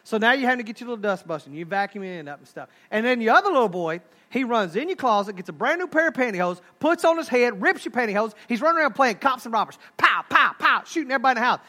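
A pastor with a Texan accent, preaching a sermon in a folksy, humorous, animated storytelling style. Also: male voice, very high voice, rapid-fire, hardly any pauses.

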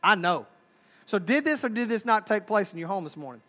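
A pastor with a Texan accent, preaching a sermon in a folksy, humorous, animated storytelling style. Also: male voice, high voice, fairly quick.

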